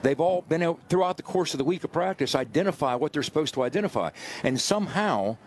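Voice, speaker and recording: A somewhat high-voiced man breaks down football film in an earnest, explanatory way, his pitch animated and shifting. Faint ambience sits behind him. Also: quick pace, a little hiss or hum. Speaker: football analyst. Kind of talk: sports radio analysis.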